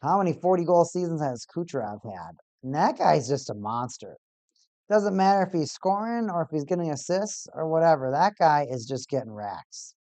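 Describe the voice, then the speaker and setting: A streamer casually commenting on a live hockey game for a watch party, getting excitable over goals and repeating stats aloud. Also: medium pitch, normal speed, no echo. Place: home streaming setup.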